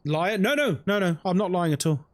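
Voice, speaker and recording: A man's voice: high voice, animated, brisk, no echo. A young man streaming a ghost-hunting game live, chatting casually with his chat while he plays and reacting to what happens in the game.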